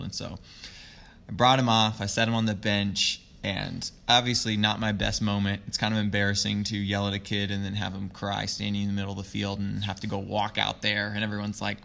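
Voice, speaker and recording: A man talking as a youth sports coach in an interview, earnest and reflective, telling a story in a soft, thoughtful way. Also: on the low side, monotone, fairly quick, gravelly. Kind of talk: conversational interview.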